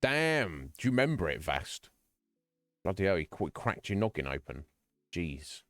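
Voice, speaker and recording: Deep-voiced man chatting on stream. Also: sing-song, moderate pace, dry recording, studio quality, soft background music. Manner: earnest, rambling, with frequent restarts. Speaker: streamer talking to chat. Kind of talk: casual chat. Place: home streaming room.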